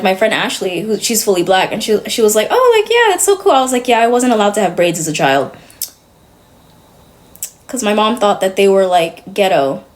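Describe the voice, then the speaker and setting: A young woman with a mid-range voice rambles conversationally to her stream audience in casual chat. She relies heavily on fillers, and nervous laughs slip in between her thoughts.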